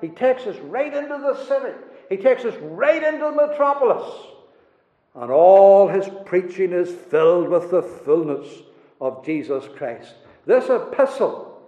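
A man's voice: fairly high pitch, a little mellow. A man preaching a sermon, building emphasis with repeated rhetorical questions. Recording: roomy hall, dull lo-fi sound.

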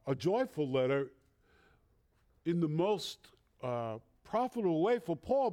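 A man with a northern accent preaching a sermon as a substitute pastor in a church, earnest and measured, with the odd filler. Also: on the high side, darkish tone.

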